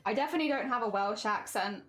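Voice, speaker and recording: A woman's voice: on the high side, fast talker, fairly bright tone. A woman with a standard British accent, chatting casually on a stream while she works on a craft, rambling with restarts. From Hampshire, England.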